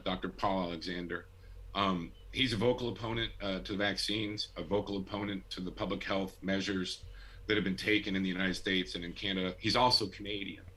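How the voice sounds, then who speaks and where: A middle-aged man from Buffalo, New York, telling a story as a guest in a casual interview, animated and laughing often. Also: low voice, breathy edge, rough recording. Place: home.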